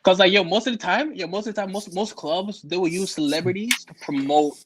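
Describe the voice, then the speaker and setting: Man, podcast co-host, relaxed slangy storytelling. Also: sits high, fairly quick, background noise. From Canada. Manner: relaxed, slangy, laughs through his stories. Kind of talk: casual chat, storytelling.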